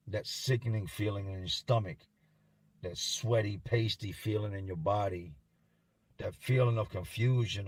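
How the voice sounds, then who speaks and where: Husky-voiced man telling a somber story. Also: on the low side, darkish tone, no room sound. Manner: somber, haunted, halting. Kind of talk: first-person storytelling.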